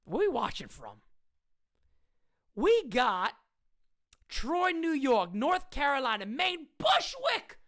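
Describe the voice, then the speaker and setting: A woman hosting a live-stream sports chat, talking in a hyped, slangy way as she shouts out viewers. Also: high voice, wildly swooping pitch, slow pace, long pauses.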